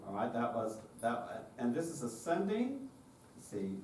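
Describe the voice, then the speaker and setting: A man's voice: medium pitch, very animated, a little slow. Man lecturing on choir recruiting, roomy distant sound. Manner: explanatory, checks in with "okay?". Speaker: choir director presenting a workshop. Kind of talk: conference lecture with demonstrations. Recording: roomy and distant with faint noise.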